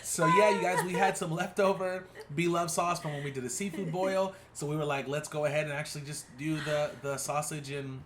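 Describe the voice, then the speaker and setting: A man's voice: a little high, steady tone, brisk, few pauses, noisy background. A man co-hosting a casual eating video, chatting with enthusiasm and joking around. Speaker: co-host. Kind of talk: casual chat.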